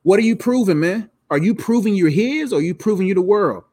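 A man's voice: high voice, animated, a little fast, darkish tone. A tired man teaching the Bible live in a casual, slangy way, repeating words as he goes. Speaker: preacher streaming live.

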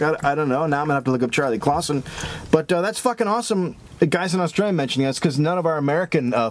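A man co-hosting a comedy podcast, trading crude jokes in a deadpan, trailing-off way. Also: on the high side, a little hiss or hum. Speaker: podcast co-host.

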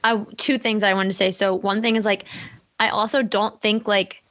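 A woman's voice: medium pitch, level tone, normal speed, a bit bright. A young woman hosting a podcast, talking candidly in casual chat, full of fillers and the odd swear. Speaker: podcast host.

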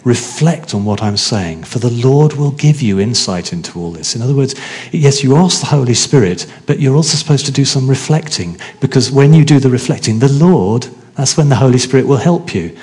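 A man's voice: medium pitch, expressive, fairly quick, few pauses, a little mellow. A man preaching a sermon in a chatty, conversational way, often asking his congregation questions.

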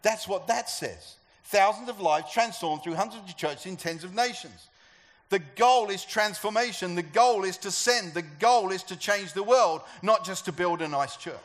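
A man's voice: sits high, normal speed, fairly bright tone. A man preaching a sermon to a church gathering, talking conversationally and asking the congregation questions. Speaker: pastor.

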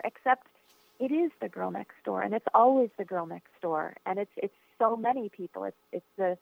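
A woman author gives a personal account in an interview, earnest and reflective, with many fillers and restarts along the way. Her medium-pitched voice is creaky, heard through a tinny phone line with a dry recording.

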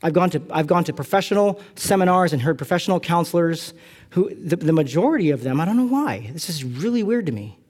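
A middle-aged Californian pastor preaches in a fairly high-pitched voice, speaking a little fast. His sermon is full of animated, self-deprecating stories and lively asides.

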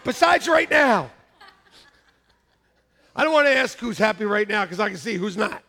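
Male pastor, high and gravelly, animated sermon with shouted punchlines. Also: fast talker, a faint crowd. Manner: animated, laughing, repeats lines to the congregation; shouts mock-angry quotes at peaks. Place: church.

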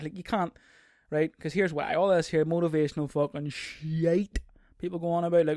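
A man hosting his own podcast alone, rambling and swearing constantly, bursting into loud mocking outbursts, recorded on a stand mic. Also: on the high side, brisk, no echo, studio quality. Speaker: podcast host. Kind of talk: casual solo podcast rant.

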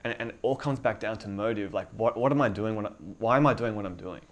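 A man's voice: lowish voice, quick pace. A young man preaching a casual sermon in a loose, chatty way, full of filler words and easy laughter. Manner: conversational, lots of filler likes, laughs easily.

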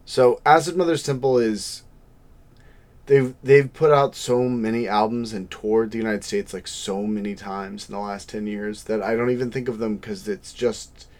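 A man's voice: lowish voice, steady tone, normal speed, a little mellow. A young adult man co-hosting a podcast, chatting casually and rambling, with some self-deprecating asides. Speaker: podcast co-host. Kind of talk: casual chat.

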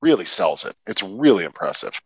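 A man's voice: deep voice, very animated, fairly quick, breathy edge, dry recording, poor audio. A man co-hosting a movie podcast, talking casually and emphatically, with some swearing. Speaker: podcast co-host. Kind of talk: casual movie review chat.

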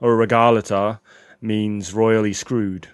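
A man's voice: fairly low pitch, little pitch movement, takes it slowly, clean tone, no echo, clean studio sound. A man with an Australian accent co-hosting a podcast, joking and rambling in casual chat. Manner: joking, rambling, self-deprecating. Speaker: podcast co-host.

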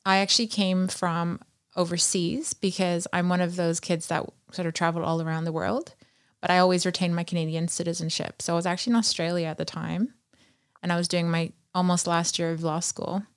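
A woman with a fairly low voice tells stories in a chatty, animated way. She speaks as an interview guest. The recording is close and dry, with no room sound. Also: fairly quick, clean tone, no echo. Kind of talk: conversational interview storytelling.

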